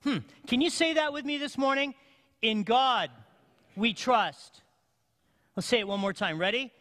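A male pastor preaching a sermon in a church, with emphatic call-and-response and slow, deliberate phrasing. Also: very high-pitched, expressive, sharp tone. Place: church sanctuary. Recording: long hall reverb.

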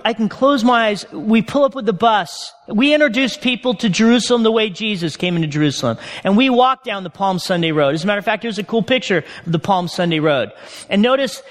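Male pastor, very high voice, casual preaching, asks the room questions, long reverb. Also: a bit bright. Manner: conversational, asks the audience questions. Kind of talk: sermon.

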